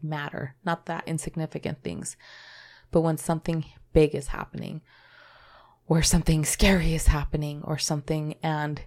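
A woman co-hosting a podcast, talking in a halting, self-doubting way and swearing casually. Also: low voice, creaky, darkish tone. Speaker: podcast co-host. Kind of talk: candid conversational podcast talk.

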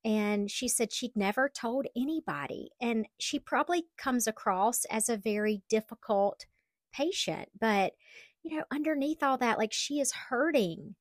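A middle-aged woman chats on her solo podcast, frank and self-mocking in a casual way. She speaks at a measured pace in a voice on the high side, with lively intonation. There is no room sound.

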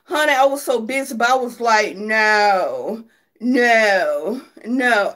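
A woman's voice: a little high, slow pace, a bit bright. A woman vlogger giving sassy, laughing gossip commentary, calling viewers honey and baby.

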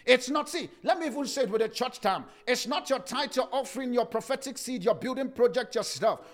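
A man preaching a sermon with passion, swinging into sing-song cadences and rising to shouts. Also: very high voice, expressive, brisk.

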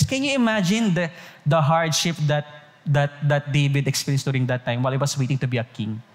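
A man's voice: high voice, big-room sound. A man with a Filipino accent preaching a sermon, checking in with his listeners after nearly every phrase and repeating himself. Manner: asks the group constant check-in questions, repeats phrases. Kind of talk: sermon in mixed Tagalog and English.

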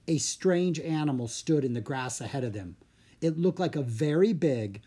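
Brief: lively storybook narrator, breathy tone. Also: mid-range voice. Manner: expressive storytelling. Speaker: audiobook narrator. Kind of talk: children's book narration.

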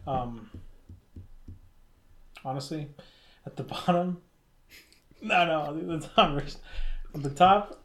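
A man's voice: a little high, lively intonation, slow, long pauses, a bit bright. A man chatting casually among friends, rambling and swearing freely, laughing often. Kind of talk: casual chat.

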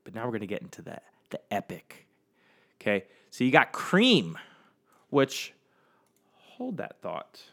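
A young man hosting a solo podcast, rambling in a casual, profane, animated way and talking straight to his listeners. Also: on the low side, unhurried, gravelly, pauses often. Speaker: podcast host.

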